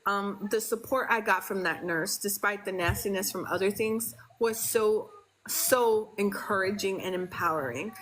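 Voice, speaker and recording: A woman's voice: medium pitch, unhurried, a bit bright, slight background noise, poor audio. A woman in casual conversation, speaking frankly and emphatically with frequent fillers. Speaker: podcast conversation partner. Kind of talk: casual chat.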